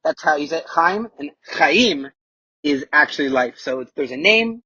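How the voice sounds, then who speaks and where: A man's voice: fairly high pitch, expressive, fast, sharp tone, breathy edge, no echo, dull audio. A man from the United States, a podcast guest talking emphatically and repeating key words, heard over a remote call. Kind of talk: casual interview talk.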